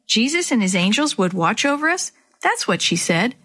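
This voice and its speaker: A frightened young girl from a children's storybook, timid and brave at once, as a woman reads her part. She talks herself through her fear out loud. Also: fairly high pitch, very animated, normal speed. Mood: worried, hopeful.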